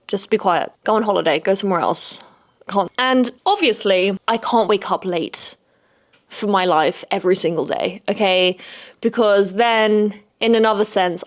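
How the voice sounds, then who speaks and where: A woman talking alone on her podcast in a loose, casual monologue. She is blunt and frank, swears freely and keeps checking in with a pointed "okay?". Her voice sits at a medium pitch. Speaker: podcast host.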